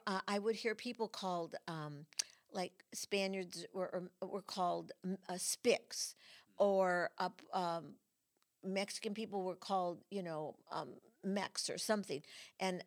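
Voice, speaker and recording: Animated middle-aged woman hosting a chat. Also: fairly low pitch, unhurried. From Michigan. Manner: animated storyteller, acts out quotes. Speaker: host. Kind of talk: casual chat.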